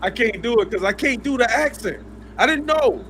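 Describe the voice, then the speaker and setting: A man's voice: very high voice, animated, normal speed, a bit bright, slight background noise. A man appearing as a podcast guest, telling casual stories in a laid-back, slangy, rambling way. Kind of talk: casual storytelling.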